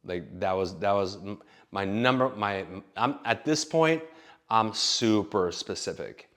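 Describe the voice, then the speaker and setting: A man's voice: lowish voice, expressive, measured pace, fairly bright tone. A man telling candid stories about his own dating life, blunt and profane, rambling with many restarts. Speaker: vlogger. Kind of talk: candid personal storytelling.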